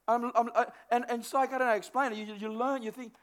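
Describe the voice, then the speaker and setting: Male preacher, very high voice, lively delivery, repeats himself, sermon setting. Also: racing, clean tone. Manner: animated, acts out inner thoughts, repeats words.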